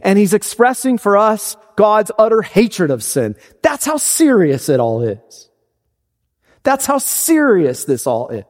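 Guy preaching a sermon, kinda high voice, slow and drawn out, big emphatic peaks, church sanctuary echo. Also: big pitch swings. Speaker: pastor. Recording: long hall reverb.

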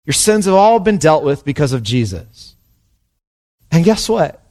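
A man preaching a sermon with passion, his delivery dropping to hushed and rising to soaring. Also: on the high side, very animated, a little slow. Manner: impassioned, swings between hushed and soaring. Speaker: pastor.

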